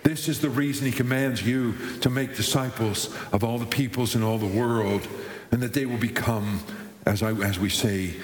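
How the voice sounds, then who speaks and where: A man's voice: on the low side, a little hiss or hum. A male pastor preaching a sermon, often restarting his phrases, then building to emphatic lists. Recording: echoey hall with long reverb.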